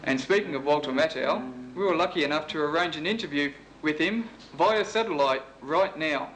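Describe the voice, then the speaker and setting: A man with an Australian accent hosting and interviewing a guest in a brisk, mock-serious way. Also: fairly high pitch, a bit bright, slight background noise, rough recording. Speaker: host.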